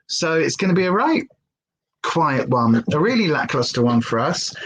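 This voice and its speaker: A woman's voice: sits low, very animated, moderate pace, a little hiss or hum, rough recording. A woman chatting casually on a livestream, rambling and stopping to talk to her dog. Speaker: livestream host.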